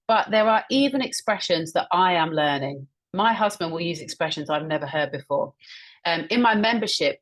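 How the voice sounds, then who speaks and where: A woman with a fairly low, husky voice teaches over a video call. She speaks in an encouraging tone and works through examples, often repeating phrases back to her listeners. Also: fairly bright tone. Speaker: webinar presenter and communication trainer. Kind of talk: instructional webinar talk.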